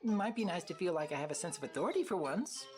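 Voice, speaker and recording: A woman's voice: fairly low pitch, animated, fast talker, music in the background, lightly acted. A woman voicing a playful, cheeky young female fighter with a teasing, breezy manner.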